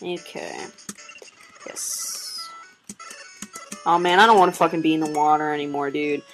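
Low-voiced woman swearing through a game. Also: a little slow, soft background music, rough recording. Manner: swears freely and laughs often; chatty, talks to viewers while playing. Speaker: let's player. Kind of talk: casual gameplay commentary.

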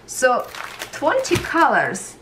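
A woman's voice: high-pitched, wildly swooping pitch, takes it slowly, far from the mic, background noise. A woman hosting a casual unboxing vlog about diamond painting, gushing and chatty.

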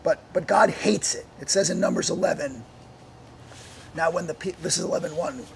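High-voiced, gravelly male preacher. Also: normal speed, slight background noise. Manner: animated, asks the congregation many rhetorical questions; laughs often between points. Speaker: pastor. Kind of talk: sermon.

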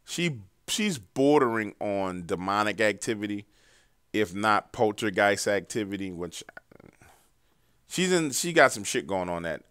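A man's voice: on the low side, big pitch swings, measured pace, fairly bright tone, clean tone, no room sound, clean studio sound. A man hosting a paranormal story show, casually retelling callers' encounters in a loose, profane, conversational way while driving.

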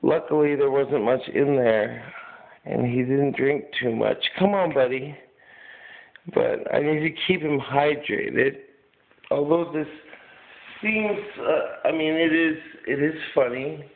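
A man's voice: fairly high pitch, slow, narrow, tinny audio. A man at home filming his dog, chatting casually and coaxingly to the camera and swearing now and then. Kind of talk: casual home video commentary. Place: at home indoors.

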